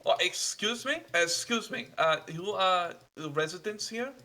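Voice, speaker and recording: A man's voice: high voice, animated, bright, forceful tone, pitched above the performer's own voice, heavily acted. A man voicing a polite young male traveler, cold from a long journey, who speaks in broken sentences. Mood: polite, startled. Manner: halting, hesitant, apologetic.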